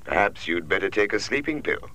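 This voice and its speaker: A cruel, educated man speaks in a smooth, cold, calm hush, as a male narrator plays him. His voice is low, with a bright, sharp edge. The pitch still moves freely. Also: brisk, no room sound. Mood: cold menace.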